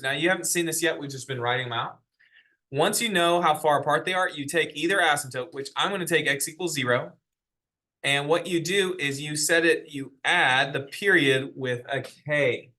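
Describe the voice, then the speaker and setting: Bright-voiced man teaching math. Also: fairly high pitch. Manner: explaining step by step, asking the class questions. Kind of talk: classroom lecture. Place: classroom.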